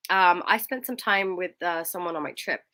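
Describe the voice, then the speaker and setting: Bright-voiced young woman telling a story. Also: moderate pace. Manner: animated storytelling, acts out quotes in a high voice. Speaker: co-host. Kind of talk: casual chat.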